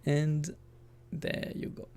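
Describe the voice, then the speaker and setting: A gaming commentator with a mellow male voice takes his time through casual let's-play commentary. He rambles, corrects himself, and chuckles in asides.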